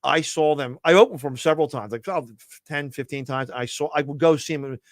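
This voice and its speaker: A man's voice: on the high side, a little fast, no echo. A middle-aged man with a Philadelphia accent, a comedian telling stories in casual podcast chat, laughing often and stumbling over restarts. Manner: animated storyteller, laughs often, stammers restarts. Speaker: comedian guest.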